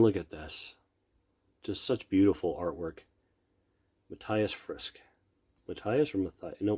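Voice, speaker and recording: A middle-aged man opening card decks at a table, talking slowly in a low, unhurried voice. He murmurs item names half to himself and breaks into admiring comments, often trailing off before he finishes a thought. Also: a little mellow. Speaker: card collector opening packs. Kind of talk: casual unboxing commentary.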